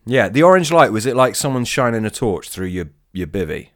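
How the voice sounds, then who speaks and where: A man's voice: medium pitch, big pitch swings, brisk, no echo, studio quality. A man in casual chat, curious and asking follow-up questions.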